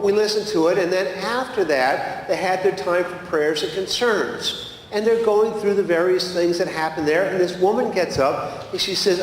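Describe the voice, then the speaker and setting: A man preaching a sermon in a church, telling a story in an animated, conversational way with restarts. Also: a little high. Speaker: guest preacher. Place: church sanctuary. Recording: echoey church hall, long reverb, faint noise.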